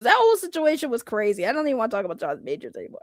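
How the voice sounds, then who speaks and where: A woman from Boston ranting on a live stream, loud, blunt and sarcastic, laughing often. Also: fairly high pitch, huge pitch swings, rapid-fire, no room sound. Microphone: computer microphone.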